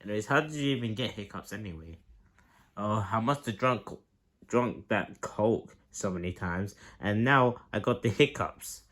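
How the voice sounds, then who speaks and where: A man's voice: lowish voice, lively intonation, moderate pace, fairly bright tone. A man doing Mario, gasping with hiccups. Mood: hiccuping. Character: plumber hero with hiccups, gasping. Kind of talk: plush toy skit.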